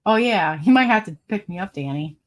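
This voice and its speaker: A woman hosts a relaxed live stream and reads out viewer comments as she goes. Her voice sits a little low for a woman. She talks in a chatty, meandering way and breaks into laughter often. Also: a little fast. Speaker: livestream host.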